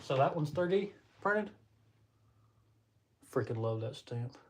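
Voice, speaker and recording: A man's voice: fairly high pitch, animated, takes it slowly, breathy edge. Folksy young Southern man chatting. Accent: Southern American. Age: young adult. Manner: folksy, chatty, addresses viewers as y'all. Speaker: livestream host. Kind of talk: casual live chat. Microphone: computer or phone mic on a livestream.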